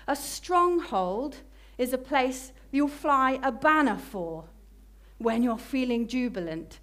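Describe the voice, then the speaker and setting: A woman preaching a sermon, slowing down to stress key phrases. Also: sits high, lively intonation, fairly bright tone. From Britain.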